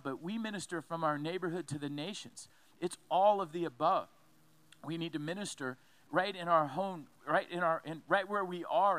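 A man's voice: a little high, sharp tone. A male pastor delivers a sermon with a slightly raised voice, emphatic and building, often restarting and repeating phrases. The sound is close and dry with little room echo. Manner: emphatic preaching with repetitions and restarts. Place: church.

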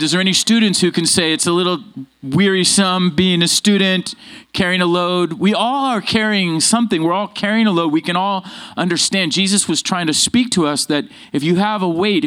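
A male pastor preaching a sermon to his congregation, calling out to the crowd for responses. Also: high-pitched. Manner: lively, calls out to the congregation. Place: church sanctuary with congregation.

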